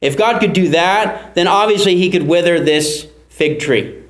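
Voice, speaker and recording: High-voiced man preaching in an echoey room. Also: a little slow. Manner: earnest teaching, repeats key phrases for emphasis. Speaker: pastor. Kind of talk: sermon.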